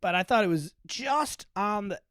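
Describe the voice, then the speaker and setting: A man's voice: high voice, expressive, moderate pace, fairly bright tone, clear, resonant tone, dry recording, studio quality. A young man cohosting a casual podcast, joking and rambling with frequent laughs. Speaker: podcast co-host. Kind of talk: casual chat.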